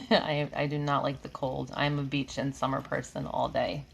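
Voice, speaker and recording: Low and gravelly, the voice belongs to a New York reiki healer with a slight Southern drawl hosting a live stream at home, where the air conditioning is on. Her delivery is flat and moderately paced as she chats casually, drifting between viewer comments she reads and answers, laughing often. A faint room hum sits under the recording.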